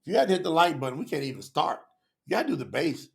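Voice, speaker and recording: A man with a slightly high, gravelly voice hosts a live online telethon at a quick, very animated pace. Passionate and casual, he speaks straight to viewers in slang.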